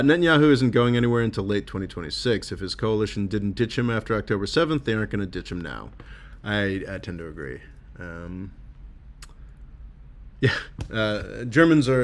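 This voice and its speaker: A tired man hosting a casual livestream and reading viewer comments aloud, rambling and halting with many fillers, sardonic and laughing at his own jokes. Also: lowish voice, animated, slight background noise. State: tired and low. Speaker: livestream host reading super chats.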